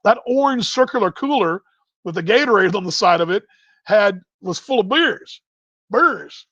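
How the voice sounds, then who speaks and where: A middle-aged man with a high voice tells a long anecdote on a live stream, circling back and correcting himself with plenty of ums and uhs. His voice comes through dull and lo-fi, dry with no room around it. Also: animated, normal speed, fairly bright tone, no room sound. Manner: rambling, self-correcting anecdote with many fillers. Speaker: baseball broadcaster. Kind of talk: casual storytelling on a live stream.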